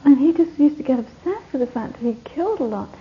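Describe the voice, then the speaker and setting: A woman's voice: sits high, expressive, fast talker. A woman teaching a Buddhist course, giving a rambling, anecdotal dharma talk to a retreat group and laughing often. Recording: dull lo-fi recording, faint hiss.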